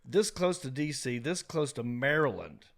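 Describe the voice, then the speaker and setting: A man from North Carolina with a North Carolina accent, a guest comedian in a casual podcast chat, telling lively stories and acting out the voices of people he quotes. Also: medium pitch, normal speed, vocal fry. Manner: animated storyteller who acts out quoted voices.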